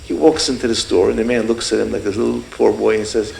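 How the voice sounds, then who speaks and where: A man in his sixties telling a heartfelt story at a fundraiser, earnest and warm, often acting out the people in his story. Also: lowish voice, steady tone, fast talker, vocal fry. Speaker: speaker at a fundraiser. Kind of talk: emotional storytelling speech. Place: event hall. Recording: echoey hall with faint room noise.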